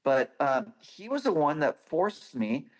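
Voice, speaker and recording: A man's voice: fairly high pitch, very animated, slow pace. A man, a guest on a podcast, telling stories about designing parts in an eager, anecdotal way. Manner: enthusiastic, anecdotal storytelling. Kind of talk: casual podcast interview.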